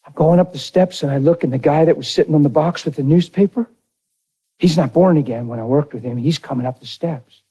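A man's voice: on the high side, fairly quick, warm tone, husky, low-quality recording. A middle-aged man, a pastor, telling a personal testimony in a sermon in an earnest, conversational way. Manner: earnest, conversational retelling with quoted dialogue.

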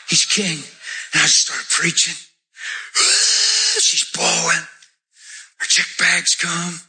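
A male pastor delivers a sermon testimony and acts out the dialogue as he goes. His voice sits very high and sounds piercingly bright, and his pitch swings widely, with sudden shouts of praise. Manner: animated storytelling, acting out dialogue, shouting praise.

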